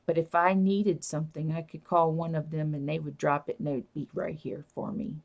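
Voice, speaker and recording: Woman, live-stream host, deep voice, vocal fry, rambling casual chat. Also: flat delivery, brisk, a little mellow. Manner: rambling, reads and answers viewer comments.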